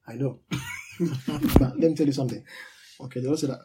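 A man's voice: mid-range voice, brisk, heavy background noise. A man preaching a sermon, teaching with emphatic repetition and call-and-response with his listeners.

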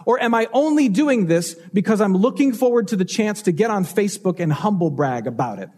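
A man's voice: sits high, animated, brisk, dark tone, breathy edge. A man preaching a sermon as pastor, telling stories and asking rhetorical questions with changing emphasis.

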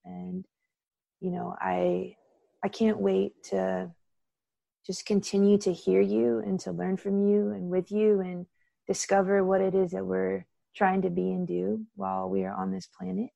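A woman hosting an interview, speaking gently and haltingly, often repeating words as she gathers her thoughts. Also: mid-range voice, flat delivery, creaky, dry recording, muffled recording. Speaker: interview host.

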